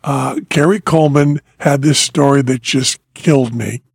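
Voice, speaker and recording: A man's voice: mid-range voice, moderate pace, vocal fry, slightly rough, dry recording. A man hosting a casual interview podcast, telling anecdotes and teasing his guest with dry questions. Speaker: podcast host.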